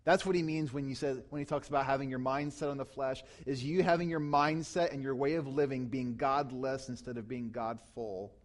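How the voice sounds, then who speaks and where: A man preaching a sermon as pastor, teaching closely from scripture, rising to loud emphatic peaks and falling back to quiet, low passages. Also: fairly even intonation, a little fast, hardly any pauses. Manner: teaching tone, explains grammar of scripture.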